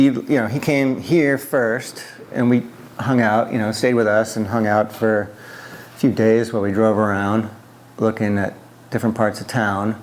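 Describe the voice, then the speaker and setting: A man's voice: medium pitch, slight background noise. A middle-aged man from the US East Coast, recalling his past in an oral history interview, with many fillers and restarts.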